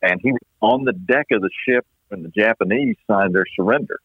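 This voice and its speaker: Guest announcer, male, from East Texas: low voice, rambling folksy storyteller, heard on a dry phone call. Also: breathy edge, no room sound. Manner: folksy, unhurried storyteller with many restarts. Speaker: baseball play-by-play announcer, guest. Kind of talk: storytelling interview chat. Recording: dry tinny phone-line sound.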